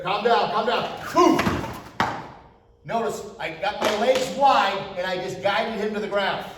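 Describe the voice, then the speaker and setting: A male martial arts instructor explaining self-defense moves while demonstrating them, with loud shouts on each strike. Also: fairly high pitch, recorded from a distance, a little hiss or hum. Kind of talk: demonstration lesson. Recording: echoey room, mic from afar.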